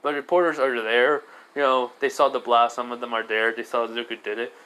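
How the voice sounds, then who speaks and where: A man's voice: mid-range voice, level tone, a little fast, pushed and bright, clear, resonant tone, low-quality recording. A man casually retelling a fan-made story, rambling with frequent fillers and self-corrections. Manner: rambling, full of fillers and restarts.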